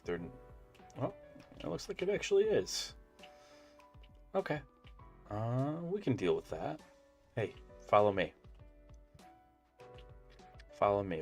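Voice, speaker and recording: Deep-voiced man streaming a game. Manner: chatty, joking asides to viewers. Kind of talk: casual gameplay commentary.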